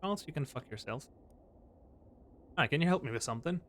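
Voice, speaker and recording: A man's voice: a little high, lively intonation, fairly quick, a bit bright, slight background noise. A young man streaming a game live, reacting in a casual, profane way.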